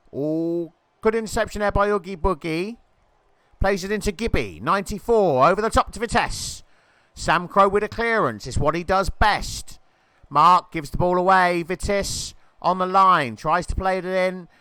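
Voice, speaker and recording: A man calls a video game football match in a playful commentator's patter, jumping to excited shouts when the ball nears the goal. His voice sits high and comes across crisp and smooth. The recording is close and dry, with no room sound. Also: no room sound. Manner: jokey, rises to excited shouts at near misses and goals.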